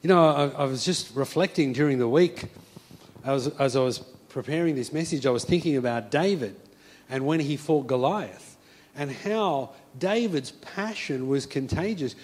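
A man's voice: mid-range voice, moderate pace, darkish tone. A man preaching a sermon, telling a story with fervent, emphatic repetition.

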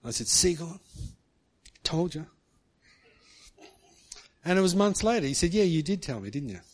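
A man's voice: fairly high pitch, very animated, very fast, a little mellow. A middle-aged man preaching, telling a personal story in a chatty way and ending remarks with "hey". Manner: chatty, tag questions with "hey". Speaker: pastor. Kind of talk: sermon storytelling.

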